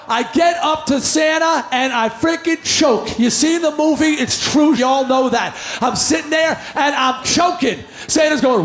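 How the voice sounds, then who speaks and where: A rock singer telling a rowdy shouted story to a live audience. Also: male voice, extremely high pitch, unhurried, few pauses, roomy sound. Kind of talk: shouted stage monologue.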